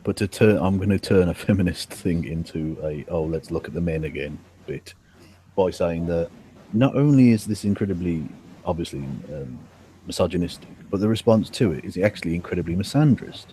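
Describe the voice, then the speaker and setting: Very deep, mellow-voiced man on a call. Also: brisk, a little hiss or hum. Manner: emphatic, sardonic, swears. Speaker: guest. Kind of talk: casual online discussion.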